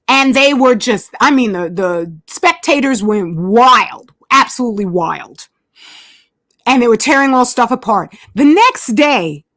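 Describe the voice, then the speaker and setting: Host type: high, expressive woman; repeats for emphasis; dry close-mic sound. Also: no echo. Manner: emphatic, repeats herself, asides while searching screen. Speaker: channel host. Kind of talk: casual monologue to viewers.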